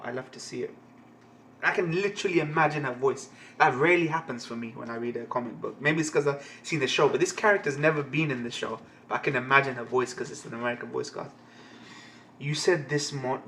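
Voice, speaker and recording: A man's voice: mid-range voice, fast, bright, forceful tone, a little hiss or hum. A man streaming a live comic reading who swears constantly, laughs and rambles. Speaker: reaction streamer.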